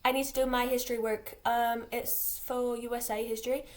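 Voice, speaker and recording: A woman's voice: a little high, little pitch movement, a little fast. A teenage girl from England chatting aimlessly in a casual vlog, full of fillers and restarts. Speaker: vlogger. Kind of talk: rambling casual vlog chat.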